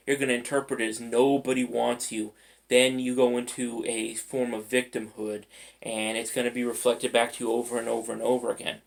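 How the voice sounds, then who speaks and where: A man's voice: mid-range voice, creaky. A man mentoring listeners in a casual, conversational motivational talk, acting out everyday scenarios as he goes. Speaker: life mentor.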